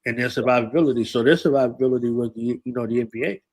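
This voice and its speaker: A man's voice: mid-range voice, very fast, darkish tone. A casual man hosting a podcast. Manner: conversational, frequent "right" and "you know". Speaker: podcast host. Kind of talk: casual conversation.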